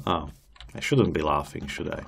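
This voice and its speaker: An unhurried man with a somewhat low voice chats his way through a game session, coaxing animals along in an amused tone. Faint keyboard clicks and typing sit behind his desk-mic audio. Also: a little hiss or hum. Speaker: gaming channel host. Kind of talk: casual gameplay commentary.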